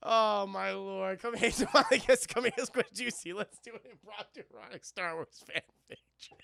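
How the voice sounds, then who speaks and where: A man's voice: sits high, gravelly, sharp tone. A man hosting a livestream in casual, giggly chat, swearing and talking to his chat. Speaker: livestream host.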